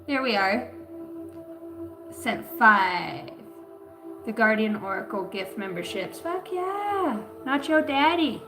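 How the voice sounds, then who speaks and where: A woman's voice: mid-range voice, sing-song, slow, long pauses, music in the background. Profane, joking woman streamer in an echoey room. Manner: profane, joking, laughs often. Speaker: livestream tarot reader. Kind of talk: casual livestream chat.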